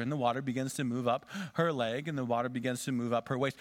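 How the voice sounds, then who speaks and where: A man's voice: mid-range voice, steady tone, quick pace, few pauses. Male pastor, forties, dramatic sermon storyteller. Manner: dramatic storytelling, varying loudness and pace.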